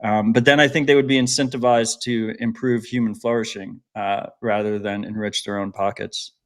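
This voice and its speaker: A man's voice: fairly low pitch, level tone, normal speed. A man co-hosting a podcast in casual chat, blunt and opinionated, swearing freely. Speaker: podcast co-host.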